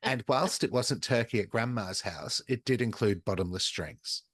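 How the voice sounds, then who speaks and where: An Australian man with a slightly low voice chats playfully as a podcast co-host, dropping casual swear words. The sound is dry and close, with no room around it. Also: moderate pace, a bit bright, breathy edge, dry recording. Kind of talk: casual chat.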